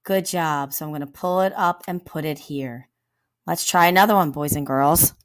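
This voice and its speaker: A woman's voice: low voice, normal speed. A woman teacher giving a recorded phonics lesson to young children, patiently sounding out each word. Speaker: elementary teacher.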